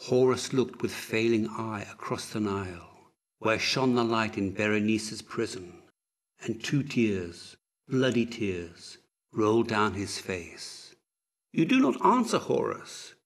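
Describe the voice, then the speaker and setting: Slow, measured male audiobook narrator. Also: on the low side. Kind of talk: scripted narration.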